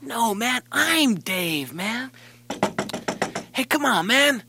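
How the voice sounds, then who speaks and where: Some guy playing a whispering dude locked outside, super breathy and raspy, bright thin tone, keeps begging to get in. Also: very high voice, sing-song, extremely slow, full character voice. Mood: urgent whisper. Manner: pleading, exasperated, repeats himself. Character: impatient man locked outside, hissing to be let in. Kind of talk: comedy sketch record.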